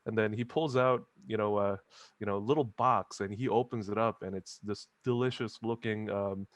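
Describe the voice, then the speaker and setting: Male player, casual narration, low dry voice. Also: steady tone, normal speed, no room sound. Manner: casual, with many fillers. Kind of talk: narrating a tabletop game.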